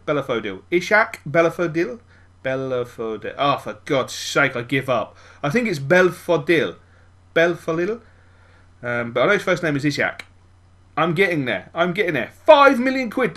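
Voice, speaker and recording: A man commentating his own football video game, muttering over plans and then yelling and swearing at the match. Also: on the high side. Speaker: gaming YouTuber. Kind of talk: let's-play commentary.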